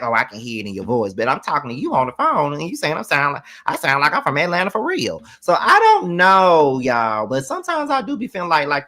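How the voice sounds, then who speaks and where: A woman's voice: deep voice, fairly bright tone. A woman from Mississippi with a Mississippi accent, hosting casual reaction commentary in a chatty, rambling way. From Canton, Mississippi. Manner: rambling, chatty, circles back on her points. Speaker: commentary host.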